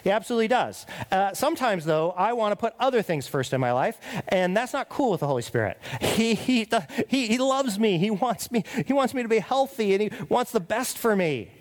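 Middle-aged man, pastor, sermon; high, very animated delivery, confessional and emphatic. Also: brisk, hardly any pauses. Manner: confessional, emphatic, rhetorical "right?" tags; drops to quiet, earnest prayer voice.

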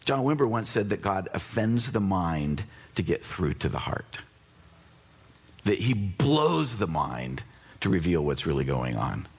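A pastor gives a casual, conversational sermon in a slightly rough voice. He jumps between excited high bursts and low, earnest asides.

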